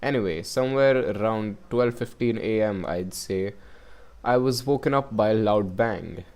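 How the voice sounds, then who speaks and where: Man putting on a gossipy neighbor voice, middle-aged, fumbling Scottish lilt, low-ish voice, chatty. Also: normal speed, darkish tone, smooth, lightly acted. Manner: clumsy attempt at a Scottish-style accent.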